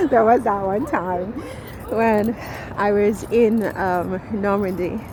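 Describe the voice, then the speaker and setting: A woman's voice: medium pitch, very animated, drawn-out words. A woman vlogging as she walks outdoors, talking theatrically and dramatically, swinging between playful and indignant. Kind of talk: casual vlog, walking outdoors. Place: outdoors by a river in a city. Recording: outdoor street noise behind.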